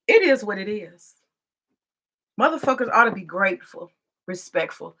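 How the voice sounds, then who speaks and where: A woman's voice: fairly high pitch, lively intonation, normal speed, gravelly, pushed and bright, slightly rough. A woman from the United States giving profane, confrontational vlog commentary in a preachy manner.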